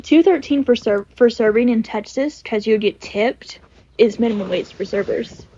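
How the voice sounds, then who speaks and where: A woman's voice: a little high, normal speed, dark tone, breathy edge. A young woman chatting casually on a podcast, emphatic and repeating words. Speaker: podcast co-host. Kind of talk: casual chat. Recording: dull lo-fi recording.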